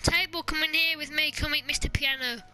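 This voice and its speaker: High bright woman gaming. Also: steady tone, a little fast. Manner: chatty, joking, shrieks at scares. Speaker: gamer. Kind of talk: let's play commentary.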